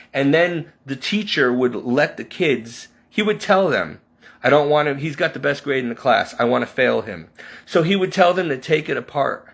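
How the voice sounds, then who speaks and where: A man's voice: mid-range voice, a bit bright. A middle-aged man from Connecticut venting about his past in an impassioned, rambling personal vlog, often restarting his sentences. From Connecticut, USA. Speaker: vlogger.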